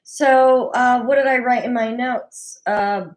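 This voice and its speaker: Speaking slowly in a voice on the high side, a woman gives opinionated, chatty recap commentary alone at her home desk. She throws in animated mock voices when quoting people, and the recording is low quality.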